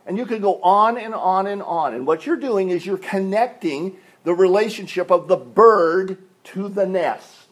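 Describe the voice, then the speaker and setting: A man's voice: sits high, measured pace, few pauses. An older man preaching a sermon, explaining things step by step like a teacher and leaning on single words for emphasis. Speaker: pastor.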